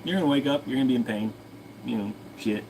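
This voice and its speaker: A man's voice: medium pitch, quick pace, vocal fry, background noise. A man hosting his own channel, answering viewer questions in a rambling, crude, joking way. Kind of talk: casual livestream Q&A chat.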